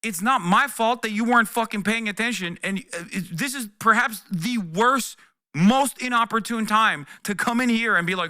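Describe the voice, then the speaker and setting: Brash, bright-voiced streamer ranting. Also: male voice, sits high, normal speed, no echo, clean studio sound. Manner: profane, sarcastic and exasperated. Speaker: political streamer. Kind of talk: live reaction commentary.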